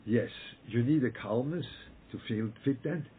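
A man's voice: medium pitch, unhurried. A man teaching a Torah lesson as a rabbi, answering questions in an emphatic way, repeating himself and often checking in with his listeners. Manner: emphatic, repeats words, checks in with "yeah?" and "okay?". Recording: tinny phone-like line with faint noise.

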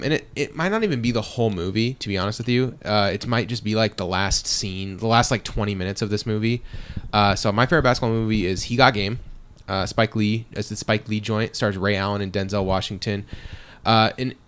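A man's voice: lowish voice, a little fast, a bit bright, smooth. A tired young man hosting a casual sports podcast, rambling along with many fillers and restarts. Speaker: podcast host.

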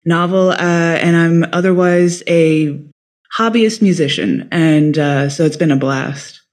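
A speaker raised in California and Ireland chatting as a co-author on a book podcast. The delivery is relaxed and dryly funny. Plenty of fillers and casual asides run through it. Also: mid-range voice, measured pace. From California, then Ireland. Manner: laid-back, dry, uses fillers. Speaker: co-author, guest. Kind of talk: casual interview chat.

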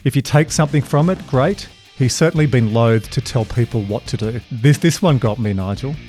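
A man hosting a podcast, telling stories with animated energy and acting out the voices of the people he quotes. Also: medium pitch, brisk. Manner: animated storyteller, mimics voices when retelling. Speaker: podcast host. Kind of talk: casual podcast conversation. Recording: dry close mic, faint guitar music.

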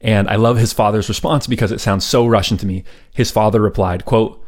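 Male podcast host with a lowish voice, relaxed history storyteller who adds chatty asides. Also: fairly quick. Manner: casual and chatty, with asides and fillers.

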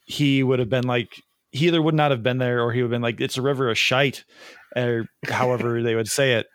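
A man's voice: mid-range voice, steady tone, quick pace, no room sound. A man hosting a podcast, chatting casually, laughing often and hedging his points. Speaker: podcast host. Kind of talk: casual chat.

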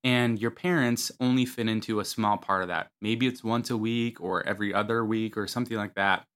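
A man co-hosts a podcast with a somewhat low but bright, forceful voice. He talks in a loose, chatty way and is quick to laugh. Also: steady tone. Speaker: podcast co-host. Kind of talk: casual conversational podcast talk.

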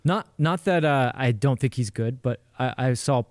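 A man's voice: mid-range voice, moderate pace, no room sound, studio quality. A man co-hosting a casual sports podcast, wry and hesitant, with frequent restarts. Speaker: podcast co-host.

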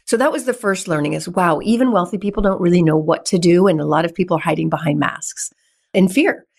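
Woman guest, low-pitched, animated storyteller who laughs a lot. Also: quick pace, creaky. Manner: animated, laughs often, acts out dialogue. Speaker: podcast guest, real estate investor. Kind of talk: conversational storytelling.

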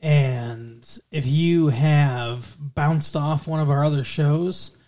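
A man's voice: on the high side, slow, warm tone. A man co-hosting a podcast in casual, teasing chat with his fiancée, chuckling often. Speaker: podcast co-host.

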